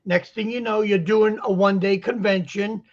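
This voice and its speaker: A man with a Boston accent chatting casually on a talk show, telling stories and jokes in an animated way. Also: high voice, moderate pace, highs cut off. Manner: joking, animated storyteller. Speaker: guest vendor. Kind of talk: casual chat. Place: lives in Florida.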